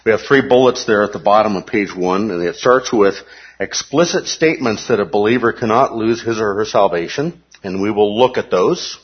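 Male Bible teacher, husky, casual with the class, muffled lo-fi recording. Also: lowish voice, moderate pace. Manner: conversational, checks in with the class.

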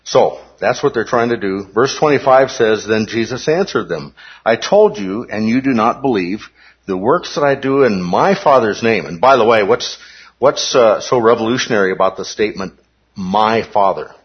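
Husky-voiced man teaching a Bible class. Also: on the low side, expressive, normal speed, muffled recording. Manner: conversational, checks in with the class.

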